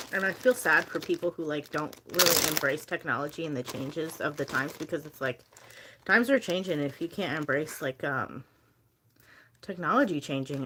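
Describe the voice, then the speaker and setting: A chatty young woman hosting a casual live stream. Her voice sits a little low, and she tells stories in an animated way with lots of "like". A faint hiss of background noise runs under her talk. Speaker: livestreamer selling handmade bracelets.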